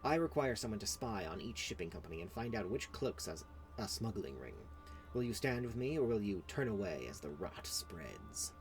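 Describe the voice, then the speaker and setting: A brooding, grim woman investigator, voiced by a man reading game quest text speaks low and slow. Her delivery is dark and ominous, with lively swings in pitch. Faint game music plays behind her.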